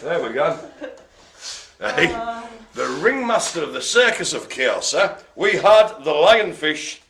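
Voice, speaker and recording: Over a background crowd, a man with a fairly high, very animated voice hosts live bingo at a slow pace. The care home activity room hears plenty of puns and laughter from him as he calls.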